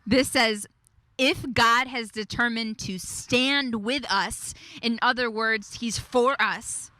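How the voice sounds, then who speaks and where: A woman preaching a devotional message in an emphatic way, repeating key phrases and slowing down on declarations. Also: a little high, bright, forceful tone, dry recording. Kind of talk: devotional sermon.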